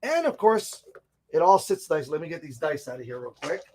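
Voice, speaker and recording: A man hosting a casual gaming-store segment, chatty and excitable as he shows off products, with frequent asides, recorded inside a comic and game shop. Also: fairly high pitch, a little fast, a little hiss or hum. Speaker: host of a tabletop gaming segment.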